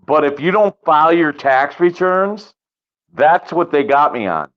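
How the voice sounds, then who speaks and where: A man's voice: a little high, expressive, a little slow, fairly bright tone. A male guest talking bluntly and with profanity in a casual chat, coming through a call. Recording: dull lo-fi call audio.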